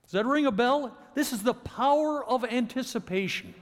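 A man's voice: very high-pitched, normal speed. A male pastor delivering a sermon, leading a prayer and then preaching with rising emphasis in a church. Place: church sanctuary. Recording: long church reverb.

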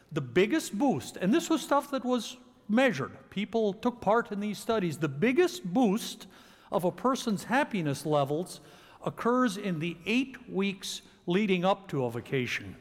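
Man preaching in a reverberant church. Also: high-pitched. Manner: prays then preaches with rising emphasis. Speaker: pastor. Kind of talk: sermon. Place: church sanctuary.

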